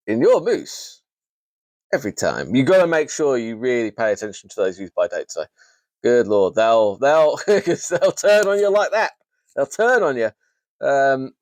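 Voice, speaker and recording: A man's voice: medium pitch, no echo. A man hosting a fantasy football league recap on his own, talking casually with jokes, restarts and playful mock outrage. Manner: jokey, animated, with frequent restarts and mock outrage. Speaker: fantasy league podcast host.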